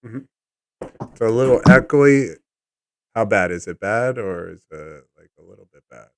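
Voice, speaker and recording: A man's voice: lowish voice, expressive, measured pace, a little hiss or hum. A man hosting a casual live stream, greeting viewers one by one and coaching his guest on the mic. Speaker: livestream host.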